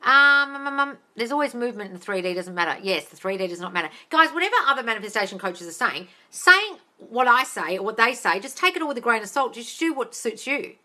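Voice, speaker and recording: A woman's voice: on the high side, lively intonation, fast, few pauses, sharp tone. An Australian woman coaching on a live stream, answering viewer questions bluntly, swearing freely and calling people darling. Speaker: manifestation coach. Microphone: phone or tablet.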